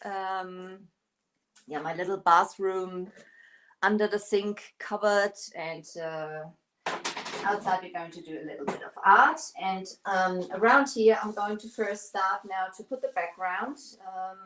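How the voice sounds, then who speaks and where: A woman's voice: mid-range voice, steady tone, a little slow, background noise. A middle-aged woman from Germany, a native German speaker, chatting casually on a live stream while demonstrating furniture painting, with lots of fillers and restarts. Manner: chatty, hesitant with many fillers, greets viewers.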